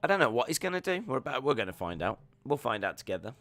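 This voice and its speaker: Chatty streamer, bright tone, dry mic, reads chat and riffs on the show. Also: male voice, mid-range voice, big pitch swings, fast talker, no echo. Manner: joking, rambling, reads viewer comments aloud. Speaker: watch-along streamer. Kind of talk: live reaction stream, reading chat.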